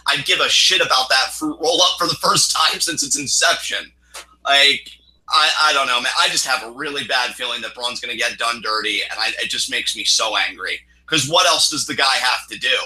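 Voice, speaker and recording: Heated ranting man, bright tense voice. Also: mid-range voice, normal speed, low-quality recording. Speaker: wrestling podcast co-host. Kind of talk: opinion rant, casual chat.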